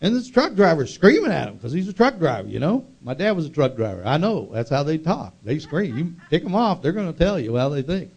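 A male pastor preaching with a fairly high voice, calling out to the congregation for amens. He tells stories in a plain, chatty way, then climbs into fervent proclamation. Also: sing-song, brisk, gravelly, hardly any pauses, slightly rough. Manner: call-and-response, builds to fervent shouting. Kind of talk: sermon.

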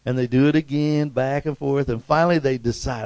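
Middle-aged male preacher, gravelly, dry close sound, animated delivery with loud high bursts. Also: brisk, no room sound. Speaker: pastor. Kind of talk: sermon.

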